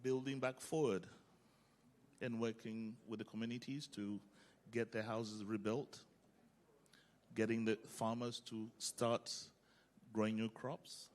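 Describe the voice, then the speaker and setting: A man's voice: fairly low pitch, little pitch movement, measured pace, pauses often. Earnest man answering from the audience. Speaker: audience member.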